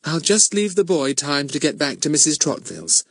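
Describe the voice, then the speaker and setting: Man as a prim, fretful middle-aged mother, lightly raised pitch. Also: big pitch swings, a little fast, no echo. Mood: stern.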